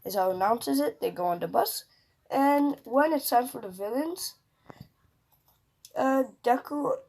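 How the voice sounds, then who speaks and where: A young woman makes up a fan-fiction story as she goes. She rambles, fills gaps with "uh" and "um", and corrects herself mid-sentence. Her voice sits fairly high. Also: expressive, unhurried, background noise. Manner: rambling, full of fillers and self-corrections. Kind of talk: improvised fan-fiction narration.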